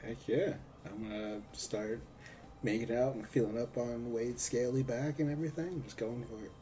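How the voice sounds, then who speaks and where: A man's voice: mid-range voice, fairly even intonation, moderate pace, warm tone, slight background noise. A man as a player in a tabletop role-play, talking in an eager, laid-back way.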